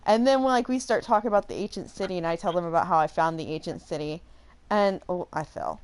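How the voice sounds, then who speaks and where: Young woman, gaming host, spins a chatty, animated anecdote mid-game. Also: fairly low pitch, fast, clear, resonant tone. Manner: animated, rambling, full of fillers and laughter. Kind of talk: casual storytelling while playing a game.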